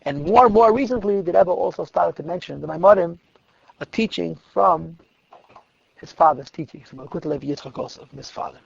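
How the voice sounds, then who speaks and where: High raspy-voiced guy, rabbi storytelling at a class, gravelly, dull lo-fi sound. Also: fairly quick, no room sound. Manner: animated retelling that drops to quiet asides. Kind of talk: storytelling lecture.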